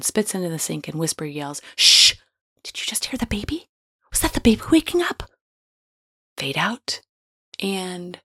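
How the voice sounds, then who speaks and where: A woman with a somewhat low voice delivers a scripted advice monologue. Frank and playful, she encourages her listeners and drops into casual slang.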